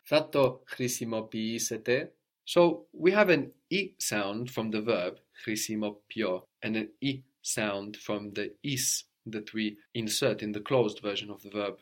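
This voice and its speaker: A man leads a guided language lesson with a somewhat low voice. He explains patiently, prompts his student with questions, and tags his points with "no?". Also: a little slow. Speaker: language teacher.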